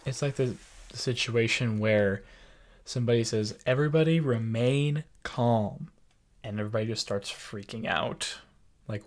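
A man's voice: medium pitch, moderate pace. Wry man in casual podcast chat. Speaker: podcast co-host.

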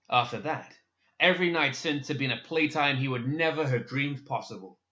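A man narrating a dark fantasy story in a measured, expressive audiobook style. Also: medium pitch, dull audio.

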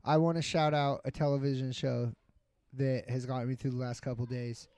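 A man's voice: mid-range voice, little pitch movement, fairly quick, darkish tone, clear, resonant tone, no echo. A young man co-hosting a podcast in casual chat, teasing his friends and steering the talk to the next segment. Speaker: podcast co-host.

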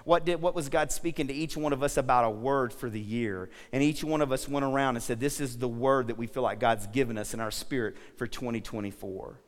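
A man's voice: mid-range voice, a little fast, few pauses. A man preaching a sermon as pastor, telling stories and asking the congregation questions. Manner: lively storytelling, asks the congregation questions. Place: church sanctuary. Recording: long hall reverb.

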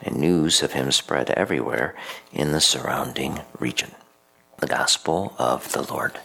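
A male priest reading scripture aloud and then preaching a homily in a measured, deliberate way. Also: rumbling low, vocal fry, sharp tone, low-quality recording.

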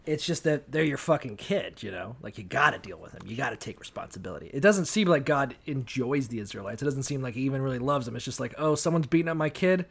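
A man's voice: mid-range voice, lively intonation, quick pace, vocal fry, few pauses, slightly rough. A man co-hosting a casual podcast chat, irreverent and profane, laughing often and acting out voices. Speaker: podcast co-host.

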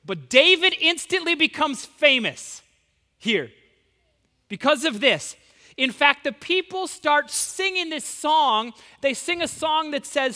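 A male preacher retelling a story in an animated, casual sermon full of slang asides. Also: very high voice, slow pace. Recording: long hall reverb.

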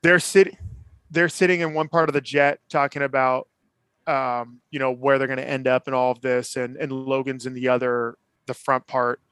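A man co-hosting a casual TV recap podcast, retelling scenes with lively bits of acted dialogue. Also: mid-range voice, moderate pace, clear, resonant tone, no room sound. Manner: animated retelling, acts out characters' lines. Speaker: podcast co-host.

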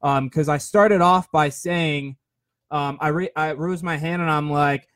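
Young man in his 20s, casual rambling host, slightly high voice, dry close mic. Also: steady tone, a little slow, a bit bright, no echo. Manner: rambling, filler-heavy, self-deprecating. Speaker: podcast host. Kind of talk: casual storytelling monologue.

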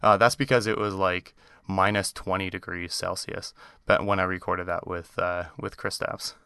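A man's voice: sits low, flat delivery, normal speed, vocal fry, sharp tone, smooth, dry recording. A Canadian man hosting a podcast, chatting casually with lots of fillers. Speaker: podcast host. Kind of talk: casual chat.

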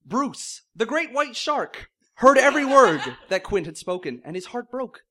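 A man's voice: extremely high pitch, big pitch swings, a little slow, sharp tone. A man reading silly fan fiction aloud in mock-serious narration, often breaking into laughter. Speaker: comedic reader.

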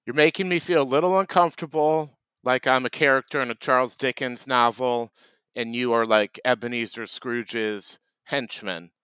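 Deadpan man, smooth dry voice. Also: mid-range voice, moderate pace, no room sound. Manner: deadpan, playing a food vendor. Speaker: comedy podcast host. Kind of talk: improvised comedy sketch.

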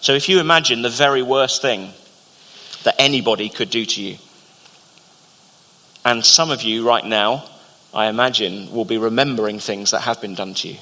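A man preaching a sermon as pastor, earnest and measured, with slow emphatic pauses. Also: mid-range voice, pushed and bright. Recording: long hall reverb.

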